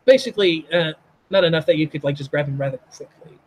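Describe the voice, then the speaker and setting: A man narrating as game master in a tabletop role-playing game, halting with many fillers. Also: fairly high pitch, darkish tone, lo-fi sound.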